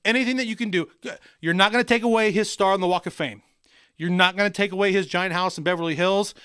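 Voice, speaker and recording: A man co-hosting a podcast, crude and excitable in his banter. His voice is high and bright, smooth and clear. The recording is dry and close. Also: fast talker, no room sound. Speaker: podcast co-host.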